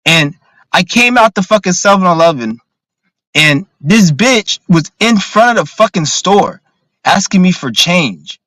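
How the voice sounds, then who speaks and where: A man's voice: high voice, lively intonation, a little slow, fairly bright tone, dry recording, rough recording. A man ranting casually on a livestream, profane and rambling with lots of filler words. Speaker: streamer.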